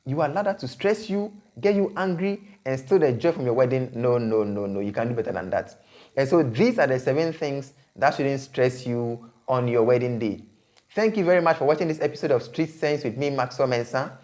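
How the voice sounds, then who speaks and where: A man hosting an advice vlog, speaking emphatically, repeating phrases and breaking into sudden high exclamations. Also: a little fast, a little mellow. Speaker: host.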